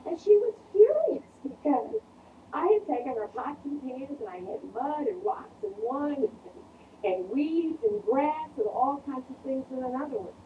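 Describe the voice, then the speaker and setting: A woman telling a personal childhood story aloud, in an animated and expressive way. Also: high-pitched, a little slow, narrow, tinny audio. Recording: echoey room, mic from a distance, faint noise.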